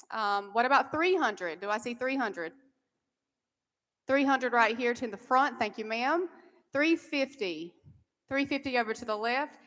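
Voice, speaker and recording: A woman's voice: on the high side, fairly bright tone. A woman hosting a charity auction, upbeat and encouraging as she introduces pieces and opens bids. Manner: upbeat and encouraging, thanking donors. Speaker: event host. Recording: reverberant event hall.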